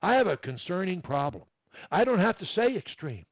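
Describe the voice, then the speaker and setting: A man's voice: sits high, very animated, normal speed, a loud crowd. A man coaching one-on-one over a video call, encouraging and repeating his key points. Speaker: speech coach. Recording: tinny, dry phone-like line.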